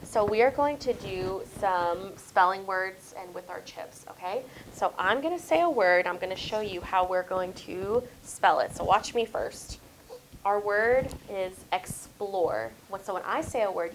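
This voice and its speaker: Woman teaching spelling slowly. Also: mid-range voice, slight background noise, low-quality recording. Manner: slow, drawn-out modeling of words and sounds; thinking aloud, encouraging. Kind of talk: small-group spelling lesson. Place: classroom.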